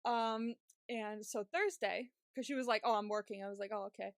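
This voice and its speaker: A woman's voice: mid-range voice, fairly even intonation, brisk, dry recording, clean studio sound. A young woman co-hosting a podcast, telling a long story in a chatty, laughing way with lots of swearing and fillers. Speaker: podcast co-host. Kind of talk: casual storytelling chat.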